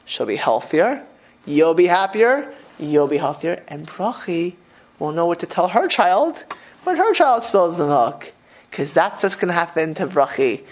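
Rambling through an informal talk, a rabbi keeps restarting, repeating phrases and launching into lively anecdotes. His voice sits high, edged with gravelly fry.

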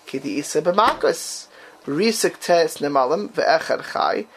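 A man's voice: a little high, expressive, a little slow, fairly bright tone, slight background noise. A man teaching a class on a text, quizzing his students and bursting into dramatic exclamations.

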